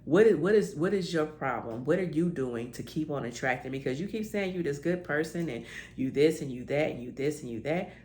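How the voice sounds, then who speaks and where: This spiritual self-help podcaster has a low, warm voice and talks briskly with animation. She offers heartfelt encouragement, calling listeners honey and baby, and grows emotional, tearing up with joy.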